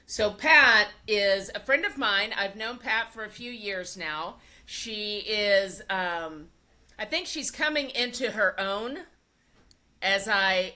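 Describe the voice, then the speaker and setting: An older woman hosts a relaxed podcast conversation in a bright voice. She talks casually, leaning on fillers and laughing easily with her guest. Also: medium pitch. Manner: chatty, warm laughter, many fillers. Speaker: podcast host. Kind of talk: casual interview chat.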